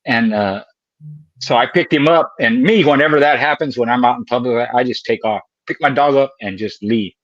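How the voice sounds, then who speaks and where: A man's voice: mid-range voice, fairly quick, no room sound. Folksy older male co-host, laughing storyteller, very dry close sound, muffled. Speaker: podcast co-host. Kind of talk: casual storytelling chat.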